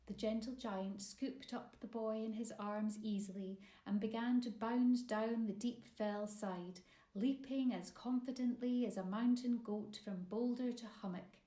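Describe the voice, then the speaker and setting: Slow woman reading a storybook. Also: on the high side. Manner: expressive, measured storytelling. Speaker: author narrating her own children's story. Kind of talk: storybook narration. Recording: roomy echo.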